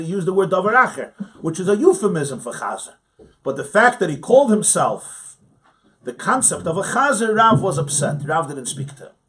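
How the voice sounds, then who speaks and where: A rabbi teaching a Talmud class in a study hall, conversational, asking rhetorical questions and chuckling often. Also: male voice, high-pitched, fairly bright tone. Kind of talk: informal study-hall lecture.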